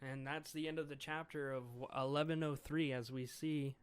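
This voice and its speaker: A man's voice: a little high, level tone, normal speed, clean tone. A man giving a casual solo review of a comic chapter, reading lines aloud and commenting with chuckles. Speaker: manga reviewer.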